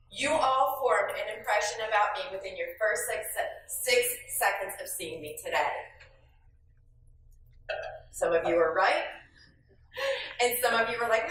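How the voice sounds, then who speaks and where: A woman from the States, leading a classroom training session for new hires in a lively, sassy, playful way. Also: mid-range voice, slight background noise. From Southern United States. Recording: echoey room, speaker far from mic.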